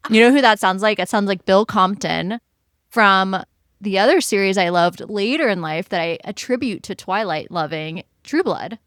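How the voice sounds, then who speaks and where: Woman cohosting a book podcast, rambly and animated, mid pitch, dry close sound. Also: normal speed, dry recording. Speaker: podcast co-host. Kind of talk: casual chat.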